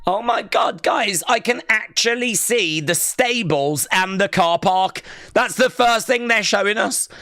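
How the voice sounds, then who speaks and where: Excitable guy doing a live reaction stream, reads out chat comments, sharp voice, dead dry sound. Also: high voice, unhurried, no room sound. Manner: rambling, excitable, reads viewer comments aloud.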